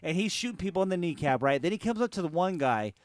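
A man's voice: high voice, expressive, fast talker, dry recording. A man co-hosting a podcast, animatedly retelling a film scene by scene and correcting his co-host. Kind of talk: casual movie recap chat.

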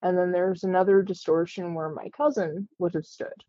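A woman earnestly telling a personal story in a casual, halting way, with frequent fillers. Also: fairly low pitch, fairly even intonation, dark tone, no echo, lo-fi sound.

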